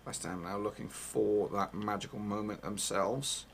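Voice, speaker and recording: A man commentating his own football video game live, excitable and casual, swearing and talking to his viewers. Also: lowish voice, measured pace. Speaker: gaming YouTuber.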